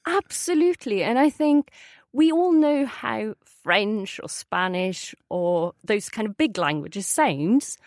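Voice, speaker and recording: A woman's voice: medium pitch, lively intonation, takes it slowly, darkish tone, no echo, studio quality. A woman with a Swedish accent teaching her language on a podcast, patiently modelling phrases with a sing-song intonation.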